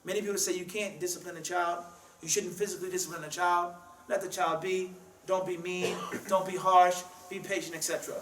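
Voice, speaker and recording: A man's voice: sits high, flat delivery, a little fast, fairly bright tone, a little hiss or hum. A man preaching a sermon in a mosque, emphatic and full of rhetorical questions, with Arabic quotes. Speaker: imam giving a talk. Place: mosque hall. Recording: roomy hall sound from a distance.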